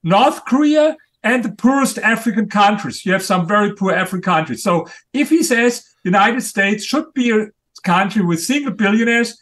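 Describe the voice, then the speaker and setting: A man's voice: high-pitched, expressive, normal speed, few pauses, fairly bright tone. A man speaking as an author and interview guest, arguing his case in a blunt, assertive, insistent way. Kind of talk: argumentative interview talk.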